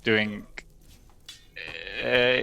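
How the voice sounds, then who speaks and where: A man's voice: mid-range voice, flat delivery, very slow, gravelly, sharp tone, smooth, lo-fi sound. A man playing a tabletop game, calling his moves with playful, boastful banter. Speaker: player. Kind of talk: casual tabletop game play.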